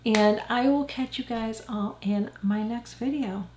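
A woman's voice: fairly high pitch, unhurried, a little mellow. An older woman vlogging frank, chatty product opinions in a casual beauty review. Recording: echoey room.

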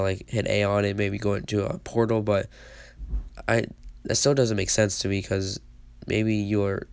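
A man's voice: on the low side, a little mellow, smooth, no room sound. A man with a sick voice giving casual, rambling game commentary, often stopping to restart his sentences. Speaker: gaming channel host.

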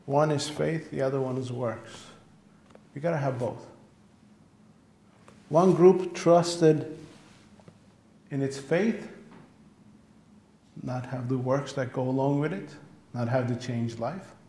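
Emphatic preacher in an echoey church. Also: male voice, medium pitch, slow pace, pauses often, warm tone, slight background noise. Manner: emphatic preaching, repeats phrases for stress. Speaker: pastor. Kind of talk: sermon. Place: church sanctuary.

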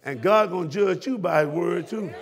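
High, gravelly preacher man. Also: moderate pace, a crowd in the background. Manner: fiery, preaching with shouted questions to the congregation. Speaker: pastor. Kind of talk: sermon. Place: church sanctuary.

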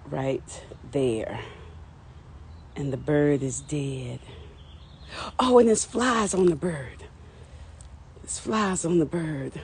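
A woman's voice: sits low, darkish tone, slight background noise. A tearful woman live-streaming from her yard, talking emotionally and repetitively to her viewers. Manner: emotional, repetitive self-talk, nervous laughs. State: tearful, on the verge of crying. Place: outdoors in a yard by the lawn.

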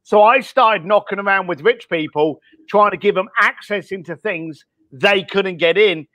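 A man's voice: sits high, normal speed, bright, forceful tone, no room sound. A middle-aged man from East London with a mixed, worn-down East London accent, speaking candidly as a podcast guest, blunt and peppered with ums and the odd swear word. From East London, England. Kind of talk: casual podcast interview.

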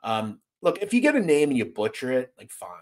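Blunt, lively American host on a livestream. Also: male voice, medium pitch, a little fast. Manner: blunt, swears freely, animated and exasperated. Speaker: host reading live chat. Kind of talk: casual livestream chat.

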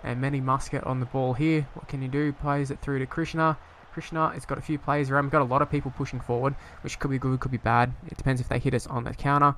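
A man's voice: medium pitch, flat delivery, quick pace, hardly any pauses, a bit bright, a little hiss or hum. Rambling young man commentating a game. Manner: rambling, hesitant, bursts into swearing frustration. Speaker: gaming YouTuber.

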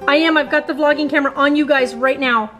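Soft background music plays as a woman in her thirties, a family vlogger, talks straight to her viewers on a handheld camera at home. Her voice sits high, steady, fast and a bit bright as she gushes breathlessly in an excited casual vlog, constantly saying "you guys."

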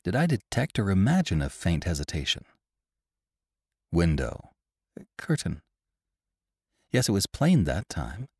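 A man narrating a classic story for a podcast in a measured, expressive storytelling manner. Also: low voice, husky, dry recording, clean studio sound.

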